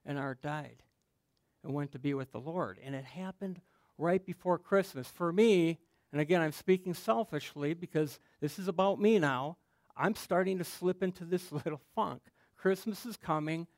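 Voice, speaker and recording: A middle-aged pastor delivers a personal sermon in an earnest, halting manner, and his emotion shows at times. His voice sits a little high for a man. The recording is dry and close, with little room sound. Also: no echo.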